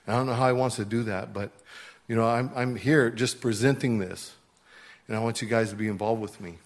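Heartfelt halting male missionary. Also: mid-range voice, fairly even intonation. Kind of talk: testimony in church.

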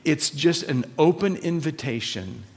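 A man preaching a sermon in a somewhat high voice. He speaks emphatically, repeats his key points and checks in with his listeners with direct questions. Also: measured pace. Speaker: pastor.

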